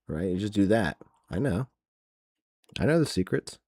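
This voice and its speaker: A man's voice: lowish voice, sing-song, normal speed, long pauses, warm tone, husky, dry recording, clean studio sound. A man hosting a wrestling podcast, ranting sarcastically in casual chat with many fillers. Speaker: podcast host.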